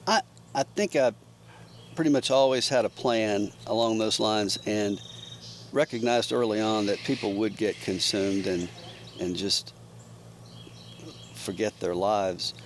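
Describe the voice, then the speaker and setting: Brief: thoughtful older man, low voice, faint crickets in background. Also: steady tone, a little hiss or hum. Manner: measured, thoughtful. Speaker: guest, brother. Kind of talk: casual reflective chat. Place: mountain cabin.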